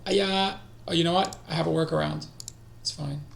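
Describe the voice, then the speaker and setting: Male streamer, casual self-talk, rough fry in the voice, roomy echo. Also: fairly high pitch, fairly even intonation, normal speed, slight background noise. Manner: talks to himself, drifting into quiet mutters. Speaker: streamer learning languages. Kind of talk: casual live-stream study session. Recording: echoey room.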